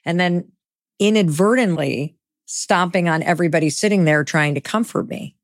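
Woman, interview host, candid, personal, lowish voice, dry sound. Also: normal speed, no echo. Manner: candid, reacting, shares personal stories. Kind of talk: interview conversation.

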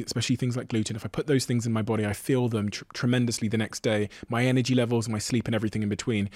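A man's voice: mid-range voice, a little mellow, dry recording, clean studio sound. A man hosting a podcast, reading sponsor messages and asking questions in an earnest, emphatic way. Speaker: podcast host. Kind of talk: sponsor read and interview.

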